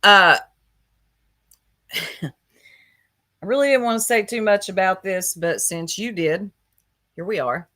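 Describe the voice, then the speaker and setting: A woman's voice: mid-range voice, takes it slowly, pauses often, pushed and bright. A woman hosting a casual livestream, gossiping with chat and greeting viewers by name, laughing often. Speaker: livestream host.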